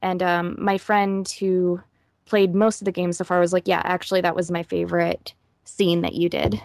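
A woman voice actress being interviewed, talking casually and quickly with frequent laughs. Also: lowish voice, level tone, gravelly, darkish tone, no room sound, studio quality. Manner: chatty, quick, laughs often.

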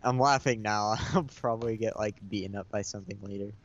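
A man's voice: fairly low pitch, steady tone, a little fast, highs cut off. A man playing a co-op game with a friend, laid-back and full of questions, hedging with filler words. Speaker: co-op player. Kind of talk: casual gaming chat.

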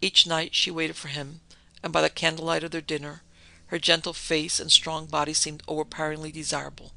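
A man narrating a classic horror story in a measured, dramatic storytelling manner. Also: fairly high pitch, creaky, pushed and bright, poor audio.

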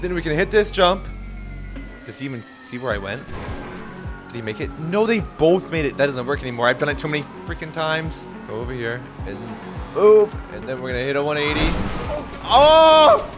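A young man giving excited running commentary over his roleplay gameplay, often yelping and shouting. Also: mid-range voice, fast talker. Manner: shouts and yelps during chases. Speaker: gaming YouTuber. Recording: game music behind.

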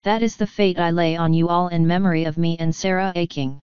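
A woman voicing an ancient fairy clan mother, slow and commanding. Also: lowish voice, darkish tone, clean tone, dry recording, lo-fi sound, natural voice. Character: ancient tiny Scottish-voiced fairy clan mother, stern.

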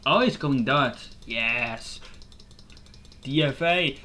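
A man giving casual live commentary over his own gameplay, excitable and quick to swear and laugh at his plays. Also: mid-range voice, a little hiss or hum. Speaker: gaming YouTuber.

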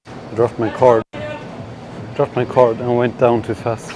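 Man, gym vlogger, slow rambling jokes, swearing, mid pitch. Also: little pitch movement, noisy background. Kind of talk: casual muttering gym vlog.

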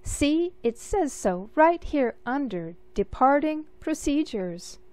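A fussy, anxious elf assistant from a storybook, as a woman reader puts him on. He frets in a high, flustered voice, the pitch pushed well above her own. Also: sing-song, slow, a little mellow, full character voice.

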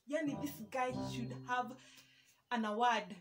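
A woman's voice: on the high side, normal speed. Chatty Kenyan woman telling a story. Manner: chatty, mixes in Swahili, self-mocking. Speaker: vlogger. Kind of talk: storytime vlog. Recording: music playing underneath.

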